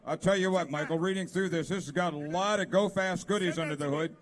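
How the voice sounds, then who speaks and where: A man's voice: high voice, fast talker. A man presenting cars at an auction, reading out each car's features with enthusiasm. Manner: enthusiastic describing of car features. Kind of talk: reading out car descriptions.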